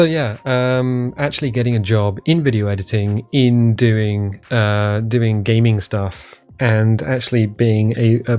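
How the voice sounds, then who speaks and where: An Englishman vlogs casually to camera from his living room, rambling and self-deprecating with many ums and restarts. His voice is fairly low in pitch with a darkish tone.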